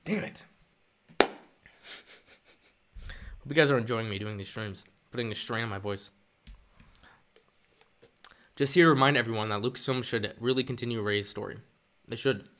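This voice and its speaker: A man's voice: mid-range voice, brisk, long pauses, fairly bright tone, slight background noise. A young man chatting casually on a live stream, rambling and self-deprecating as he reads chat.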